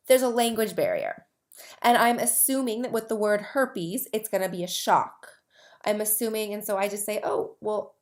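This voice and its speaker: A woman hosting her own advocacy podcast, talking casually to camera in a rambling way with many asides and restarts. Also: mid-range voice. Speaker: host of a herpes advocacy podcast.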